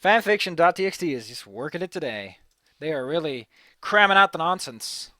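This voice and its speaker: A man's voice: fairly high pitch, expressive, moderate pace, pushed and bright, no room sound. A young man commentating a game, giggling, rambling and swearing casually. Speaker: let's play host. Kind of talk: gameplay commentary.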